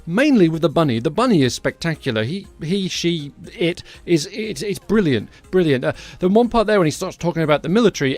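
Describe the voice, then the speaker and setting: A man hosting a podcast, giving sarcastic, animated comedic commentary on the news. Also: a little high. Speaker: podcast host.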